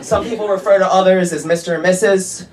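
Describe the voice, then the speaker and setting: A man's voice: high voice, steady tone, brisk. A man doing a stand-up comedy set, with a brash, profane, punchy delivery. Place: comedy club stage. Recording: echoey comedy club with laughing crowd.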